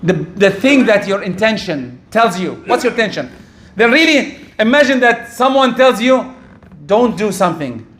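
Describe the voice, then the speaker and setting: A man's voice: sits high, lively intonation, moderate pace, fairly bright tone, slight background noise. A middle-aged man giving a sermon, asking rhetorical questions and dropping Arabic religious terms into his talk. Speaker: preacher.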